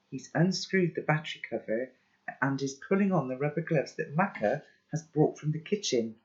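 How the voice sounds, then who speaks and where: A man's voice: on the high side, lively intonation, normal speed, dull audio. A man reading a children's novel aloud, with chatty asides to his listeners. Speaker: storybook reader.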